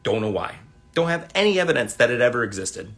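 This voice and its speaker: Guy with a bright, punchy voice rambling through an old story on a phone livestream, swears a lot, super laid back. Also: medium pitch, sing-song, fast. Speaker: livestream host. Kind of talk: casual storytelling.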